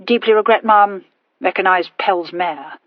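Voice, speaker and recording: A woman voicing a fussy, punctilious gentleman who talks in clipped, breathless phrases that drop their words. The recording is dull and dry. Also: mid-range voice, unhurried, dry recording, lightly acted. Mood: flustered.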